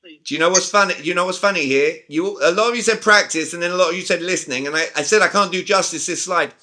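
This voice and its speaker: British male sales coach, 40s, somewhat high and forceful, on a video call. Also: fast talker. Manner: emphatic, talks straight to the group with questions. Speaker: communication coach. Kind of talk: live online sales training.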